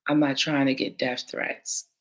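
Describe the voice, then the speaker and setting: A woman's voice: extremely low pitch, flat delivery, unhurried, fairly bright tone. A woman battle rap panelist answering viewer comments in candid, casual talk, blunt and emphatic, swearing freely.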